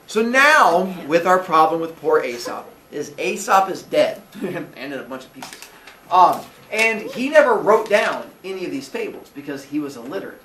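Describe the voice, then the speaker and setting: A young man teaches his class, telling a story playfully and slipping in voices for the characters. His pitch swings widely, and the room gives an echoey sound over a faint background hiss. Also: sing-song, normal speed, pushed and bright, recorded from a distance.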